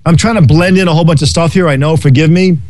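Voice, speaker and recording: A man's voice: fairly high pitch, fast. A man casually riffing on life and happiness, rambling and swearing freely, laughing often. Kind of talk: casual philosophical chat.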